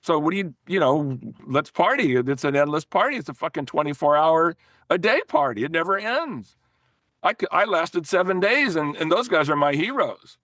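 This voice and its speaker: Older male guest, rather high voice, dry close sound; loud, swearing storyteller who restarts sentences. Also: normal speed, no echo. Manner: animated, profane, frequent restarts. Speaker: guest, former record promoter. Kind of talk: casual storytelling in a podcast interview.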